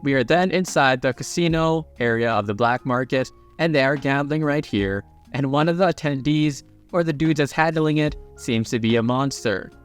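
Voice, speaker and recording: A man's voice: medium pitch, normal speed, few pauses, clean tone, faint music behind. A man narrating a story recap in a casual, chatty way with playful asides.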